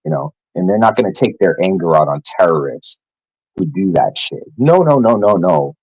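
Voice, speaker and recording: Deep husky man ranting angrily. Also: normal speed, darkish tone, no room sound, poor audio. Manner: heated, profane, scornful. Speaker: vlogger. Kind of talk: angry rant to camera.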